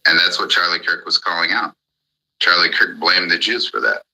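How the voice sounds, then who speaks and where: Angry guy with a raspy low voice, profane rant, keeps saying the same thing over. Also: moderate pace, pushed and bright, poor audio. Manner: furious, profane, repetitive. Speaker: speaker on a live audio chat. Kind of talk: angry ranting monologue.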